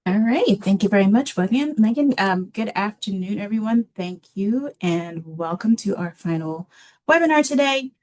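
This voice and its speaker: A woman presenting a library webinar in a relaxed, casual way, with many filler ums. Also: mid-range voice, normal speed, a little hiss or hum.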